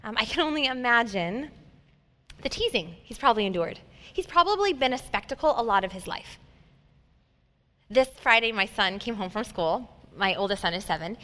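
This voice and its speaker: A woman in her thirties giving a heartfelt, conversational sermon, swinging from loud emphasis to soft near-whispers. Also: medium pitch. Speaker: pastor. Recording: long hall reverb.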